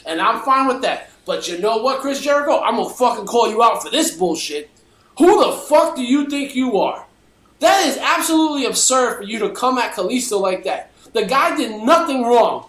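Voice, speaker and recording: A man's voice: extremely high pitch, fairly bright tone, reverberant. A man co-hosting a podcast, delivering a profanity-laced, heated opinion rant. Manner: profanity-laced, fired-up ranting. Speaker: podcast co-host.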